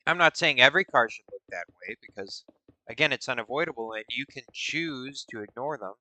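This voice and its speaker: Lively, playful streamer man. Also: medium pitch, fairly quick, dry recording. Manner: playful, rambling, musing aloud. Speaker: streamer host. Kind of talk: casual rambling stream chat.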